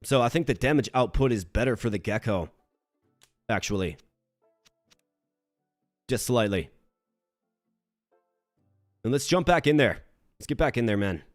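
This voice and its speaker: A man from Minnesota streaming a game, chatting with his viewers and thinking his moves through out loud. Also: unhurried, long pauses, dry recording, clean studio sound, faint music behind. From Minnesota, United States. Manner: animated when greeting chat, low and muttering while planning moves. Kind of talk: live-streamed game commentary.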